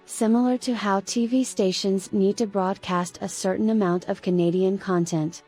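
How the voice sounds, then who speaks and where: A woman co-host reading viewer donation messages aloud in a plain, even way. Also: medium pitch, normal speed, soft background music.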